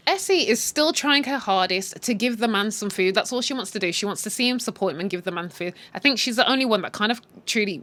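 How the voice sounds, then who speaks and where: A woman recapping a TV series in a blunt, animated way, swearing freely. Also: medium pitch. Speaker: channel host recapping a TV series. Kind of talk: casual story recap.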